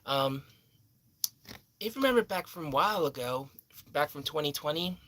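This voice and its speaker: A young man telling a personal story in a rambling, halting way, full of fillers and restarts. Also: fairly high pitch, animated, a bit bright. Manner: halting, repeats himself, many fillers and restarts.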